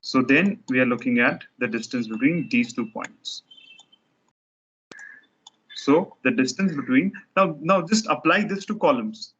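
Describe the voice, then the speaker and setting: A man's voice: mid-range voice, measured pace, fairly bright tone, slightly rough. Man lecturing on structures, muffled audio. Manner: explains step by step while drawing, with frequent restarts.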